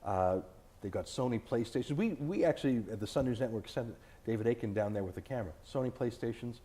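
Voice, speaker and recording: A man giving a sit-down interview speaks in a combative, insistent way. His pitch swings widely as he presses each point. His tone is dark and mellow. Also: lively intonation, quick pace. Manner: emphatic, combative, argumentative. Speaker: author and TV host, interview guest. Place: indoors, filmed interview.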